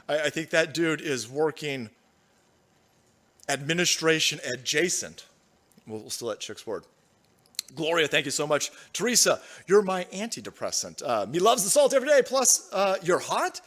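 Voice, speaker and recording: A man's voice: fairly high pitch, a bit bright. A man hosting a livestream, crude and sarcastic, laughing often as he riffs and reads out donations. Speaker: livestream host. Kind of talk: profane livestream commentary, reading donations.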